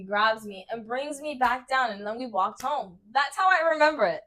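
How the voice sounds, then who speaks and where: Animated young woman retelling a cringe story. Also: a little high, moderate pace, hardly any pauses. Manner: animated, laughing, dramatic retelling. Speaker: co-host. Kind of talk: casual storytelling chat.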